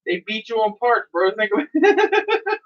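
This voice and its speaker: A woman's voice: fairly high pitch, sing-song, unhurried, distant mic, highs cut off. A woman tossing brash, swearing quips into a casual chat.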